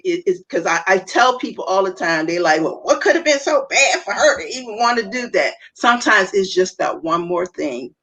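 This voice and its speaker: A woman's voice: mid-range voice, a bit bright, rough recording. A woman speaking as a panel guest over a video call. She talks earnestly, repeats her key phrases and restarts often. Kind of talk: earnest advice talk.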